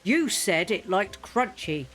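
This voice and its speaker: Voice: medium pitch, moderate pace, a bit bright, faint music behind. A gaming host giving casual gameplay commentary, chatting away, talking to the game's animals and breaking into mock-furious rants.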